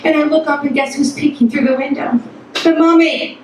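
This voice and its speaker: High-voiced woman telling a profane tale. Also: brisk, a little hiss or hum. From Toledo, Ohio. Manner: profane, animated, acts out quotes. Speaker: storyteller. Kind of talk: live comic storytelling. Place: stage before a live audience. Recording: echoey hall, mic at a distance.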